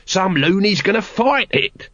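A man voicing a scruffy, crude city watchman in a higher, drawling, odd-sounding voice. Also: big pitch swings, measured pace, a bit bright, no room sound, lo-fi sound, exaggerated voice. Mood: scornful.

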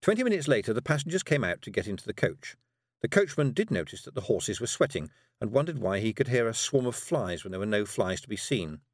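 Man narrating a fantasy audiobook, lively melodic delivery, dead dry booth sound. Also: on the low side, fast, no room sound.

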